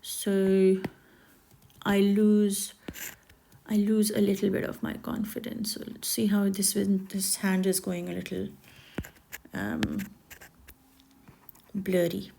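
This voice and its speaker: A woman talking reflectively and gently as she draws, sometimes dropping to a soft whisper. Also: medium pitch, slow pace, gravelly, pauses often, a little hiss or hum. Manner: gentle, reflective, slips into soft whispers and quoted nagging voices. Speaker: art healer and spiritual speaker. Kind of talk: reflective spoken monologue while drawing.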